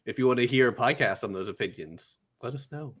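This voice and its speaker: Podcast host, male, mid-pitched, dry teasing delivery. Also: expressive, brisk, fairly bright tone. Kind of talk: casual podcast chat.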